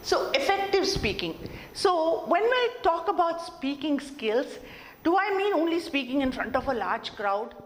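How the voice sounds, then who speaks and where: A woman's voice: high-pitched, measured pace, long reverb tail, slight background noise. A woman teaching communication skills to college students, asking the class questions and acting out different tones as examples. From India. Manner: lively, asks the class questions and demonstrates tone changes. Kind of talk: online lecture to college students.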